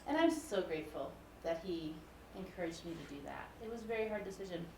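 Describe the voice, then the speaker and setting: A woman in her forties, a music professor, gives a candid, personal public lecture in a lecture hall, picked up by a distant mic in the roomy space. Her voice sits on the low side, gravelly and somewhat dark, and she talks fast and animatedly over slight background noise.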